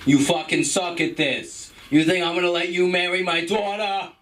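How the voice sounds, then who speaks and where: A man putting on a loud, aggressive middle-aged mob boss, blustering insults during stand-up. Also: high-pitched, fairly even intonation, moderate pace, distant mic, voice pushed up. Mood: angry.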